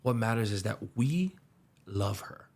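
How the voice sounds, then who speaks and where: A young man with a lilt speaks earnestly in a low, gravelly, slightly husky voice. He tells his story candidly as a podcast guest and sinks into a soft hush in the tender moments. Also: lively intonation, unhurried. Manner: earnest, slips into soft hushed tones when emotional. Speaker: musician and aspiring pastor.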